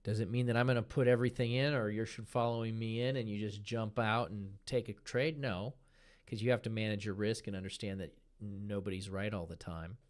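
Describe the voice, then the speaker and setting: A man with a fairly low voice hosts a live stream and talks through trading charts at an easy, relaxed pace. He points out moves on the screen and repeats words like a running count as he explains. He sounds like he is sitting at his desk mic. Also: brisk.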